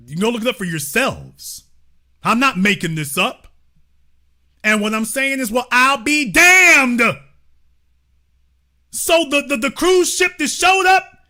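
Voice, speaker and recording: A man's voice: extremely high pitch, sharp tone. A man hosting a livestream commentary show, talking emphatically and profanely to his chat. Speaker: host.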